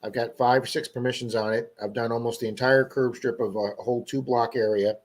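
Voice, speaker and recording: A man co-hosting a livestream, telling an animated story to his viewers in a casual chat. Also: medium pitch, fairly quick. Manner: animated storyteller who acts out quoted people. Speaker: livestream co-host.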